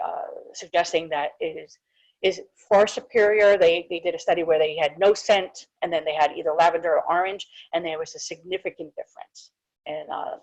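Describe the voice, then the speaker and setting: A woman's voice: fairly low pitch, a little mellow, muffled recording. A woman who is a dental hygienist presents a live webinar in a chatty, informal way, with many small asides. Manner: chatty, informal, frequent fillers and restarts. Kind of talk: casual live webinar talk.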